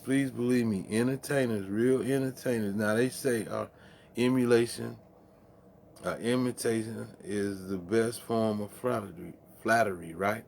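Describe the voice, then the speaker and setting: A man's voice: fairly low pitch, a little slow, creaky, a little mellow, slight background noise. A man hosting a late-night music stream, rambling in profane, laughing, casual chat between songs.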